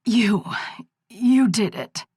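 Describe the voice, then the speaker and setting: A woman's voice: fairly high pitch, extremely slow, dark tone, husky, no room sound, clean studio sound, pitched above the performer's own voice, full character voice. A woman reading the part of a young woman FBI agent who is held captive, and who sounds strained but defiant.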